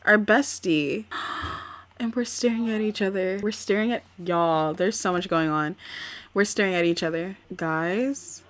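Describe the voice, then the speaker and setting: A woman giving casual, rambling commentary while playing a life-sim game, animated and easily flustered. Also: medium pitch, unhurried. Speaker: gaming video host.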